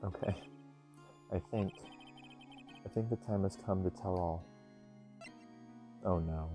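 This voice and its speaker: A man's voice: low voice, fairly even intonation, unhurried, dark tone, faint music behind. A young man casually reading game dialogue aloud with offhand asides, recorded on an earbud mic.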